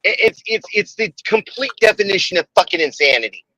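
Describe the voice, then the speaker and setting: A man's voice: high voice, very animated, brisk, sharp tone, dry recording, rough recording. A man in casual livestream chat, ranting emphatically with lots of swearing.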